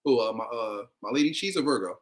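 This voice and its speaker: A man's voice: medium pitch, animated, fast. A man chatting casually as a livestream guest, telling stories in a laid-back, chuckling way over a video call. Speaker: guest content creator.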